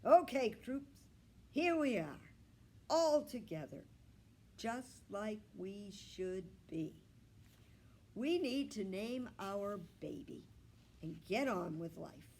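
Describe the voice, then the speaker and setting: Lady doing a sweet old grandpa talking to his pets, slow and bouncy. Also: mid-range voice, very animated, full character voice. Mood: fond.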